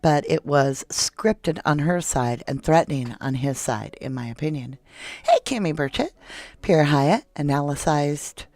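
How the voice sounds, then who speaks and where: A woman's voice: low-pitched, dry recording. A woman hosting a casual true crime livestream, reading viewer comments aloud and giving blunt opinions. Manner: opinionated, blunt, reads out chat messages. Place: home.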